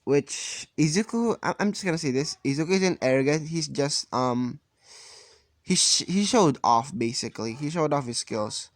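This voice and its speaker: A man telling a fan story in a casual, rambling way, often halting and correcting himself. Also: on the high side, expressive, no room sound, studio quality.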